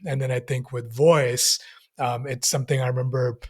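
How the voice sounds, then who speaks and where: A man's voice: medium pitch, flat delivery, moderate pace, breathy edge. A man in a podcast conversation, talking thoughtfully and searching for his words as he goes.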